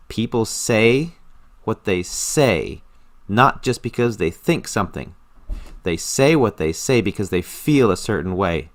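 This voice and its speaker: A man explaining how he studies a language with audio lessons, in an earnest, enthusiastic manner, often repeating words for emphasis. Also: on the low side. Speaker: language learner explaining his study method. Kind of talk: casual screen-recorded tutorial.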